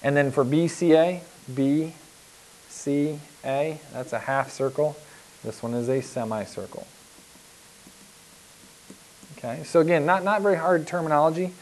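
A slightly high-voiced man teaches geometry at a moderate pace in a recorded lecture with poor audio. As a math teacher, he patiently walks through examples on the board, repeating himself and frequently saying "uh" and "okay."

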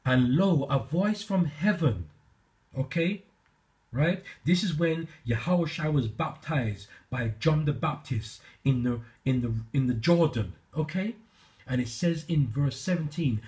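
A man's voice: on the high side, lively intonation, darkish tone. A man teaching from scripture in response to a played clip, emphatic and constantly checking in with "right?" and "okay?". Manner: reads verses aloud slowly, then argues back. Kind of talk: preaching commentary on a played video.

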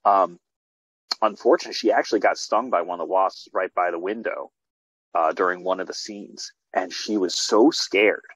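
A man, a filmmaker guest, telling stories in a casual video-call interview with animated restarts. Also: sits low, moderate pace, breathy edge, no echo. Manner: animated storytelling with many restarts. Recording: dull lo-fi video call audio.

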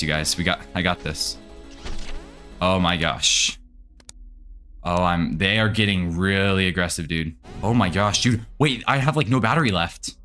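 A young man with a low, bright voice and a forceful tone does casual let's-play commentary on a horror game. Nervous and jittery, this gaming video creator talks both to the monsters and to his viewers.

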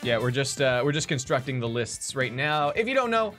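A man's voice: mid-range voice, big pitch swings, a little fast, a bit bright, soft background music. Chatty, laughing male streamer. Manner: chatty, laughs often, jokey asides. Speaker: livestream host. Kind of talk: casual game stream chat.

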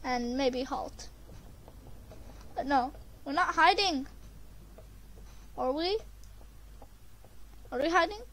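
A woman commentating her gameplay, excitable and prone to screaming when chased. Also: high-pitched, takes it slowly, pauses often. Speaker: gamer.

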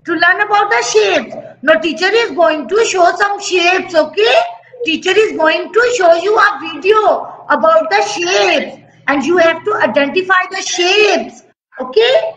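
Woman, preschool teacher, online class, slow sing-song, bright tense voice, echoey room. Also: very high voice. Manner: sing-song, coaxing, repeats questions. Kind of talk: online class for young children. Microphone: video call.

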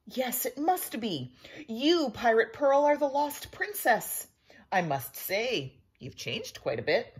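A woman's voice: on the high side, very animated, slow, breathy edge, pitched above the performer's own voice, heavily acted. A woman voicing an earnest, slightly fussy young male prince in a storybook reading, dramatic and proper.

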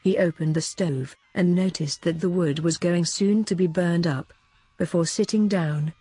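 A woman narrating an audiobook in a steady, formal reading style. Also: lowish voice, moderate pace, husky, no room sound. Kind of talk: scripted narration.

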